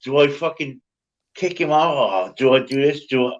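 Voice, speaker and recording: A man's voice: medium pitch, lively intonation, normal speed, dull audio, a loud crowd. A man running a live stream channel, musing aloud and swearing. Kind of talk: casual live-stream chat.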